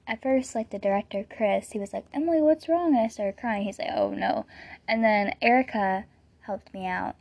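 A woman's voice: medium pitch, mellow. A woman in her late teens hosting a podcast, telling stories in a loose, rambling way with lots of "like" fillers. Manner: rambling storytelling, full of "like" fillers. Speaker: podcast host. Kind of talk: casual podcast monologue.

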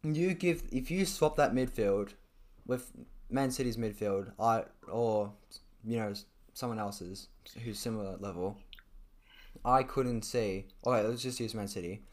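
A young man chatting casually about football, rambling with lots of fillers and restarts, his throat dry and often cleared. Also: on the low side, measured pace. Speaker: football podcast co-host. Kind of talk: casual chat.

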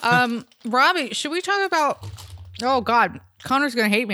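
A woman's voice: fairly high pitch, moderate pace, pushed and bright, slight background noise. A woman co-hosting a podcast in casual, rambling chat over a call, laughing often. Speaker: podcast co-host. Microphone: remote call recording.

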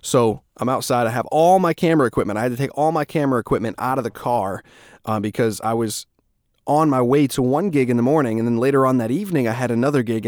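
A man's voice: medium pitch, darkish tone, no echo, studio quality. A young man from Massachusetts hosting a podcast, telling a story in casual, rambling, profane talk. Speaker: podcast host.

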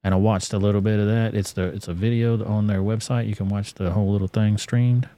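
A man's voice: fairly low pitch, fairly even intonation, a little fast, mellow, no echo, clean studio sound. A man hosting a live stream, commenting casually and with plenty of profanity. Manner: casual and profane, loose with fillers.

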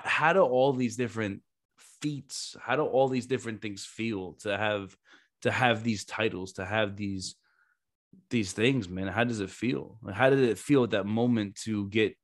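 A lower-pitched man hosts a podcast in casual talk. He is animated and swears freely, stringing his stories together in long run-on stretches. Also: normal speed. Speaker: podcast host, former Marine recruiter. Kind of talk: casual chat.

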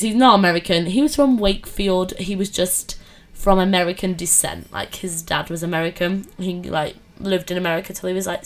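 A young woman, telling dating stories in a chatty, animated way with lots of fillers. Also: medium pitch. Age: 20s. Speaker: podcast host. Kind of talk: casual storytelling chat.

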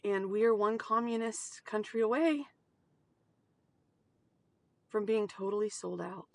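A woman speaking in an emotional personal monologue as a mother, halting, with sudden outbursts and soft whispered asides. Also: mid-range voice. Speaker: mother sharing personal experience.

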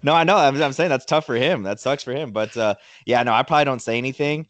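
A young man co-hosting a casual sports podcast, laid-back and hedging, often trailing off quietly. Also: medium pitch, fast talker, no room sound. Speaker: podcast co-host.

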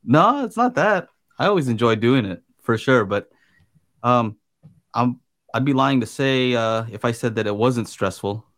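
A man hosting a podcast in casual chat, relaxed and hesitant, reading out viewer comments. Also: mid-range voice, measured pace. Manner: relaxed, hesitant, many fillers. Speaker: podcast host.

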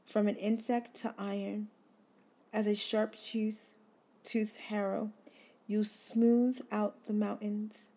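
A woman hosting a devotional, reading scripture aloud slowly and earnestly, then reflecting on it. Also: mid-range voice. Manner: slow, earnest, gently emphatic reading. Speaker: devotional host.

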